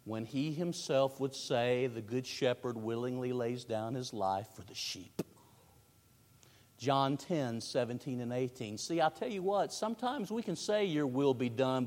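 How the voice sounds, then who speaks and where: A man preaches a sermon, swinging between hushed, drawn-out phrases and booming emphasis, with a long hall reverb on the recording.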